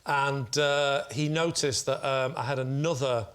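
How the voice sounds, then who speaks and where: A man on a comedy panel show telling a rambling anecdote with quick jokes and asides. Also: medium pitch, a bit bright. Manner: rambling anecdote, slipping into a northern working-class put-on voice. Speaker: panel show team captain. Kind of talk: comic storytelling on a panel show. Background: studio audience laughter.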